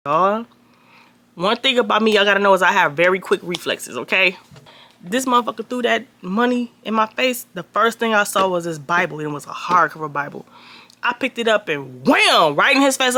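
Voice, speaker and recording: A young woman telling a storytime to her viewers, animated and profane, acting out the people she quotes in a raised voice. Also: medium pitch, moderate pace. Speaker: storytime vlogger. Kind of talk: casual storytelling.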